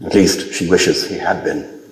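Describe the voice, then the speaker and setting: A man reading his own literary story aloud in a measured, dry manner. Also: low voice, steady tone, roomy sound, poor audio. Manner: measured, dry storytelling with brief lifts for quoted dialogue.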